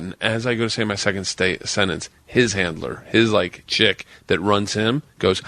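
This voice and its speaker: A man's voice: sits low, brisk, hardly any pauses. A man in his forties telling a story on a podcast, swearing freely and acting out what others said. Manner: animated storyteller, swears freely, acts out quotes. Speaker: podcast guest.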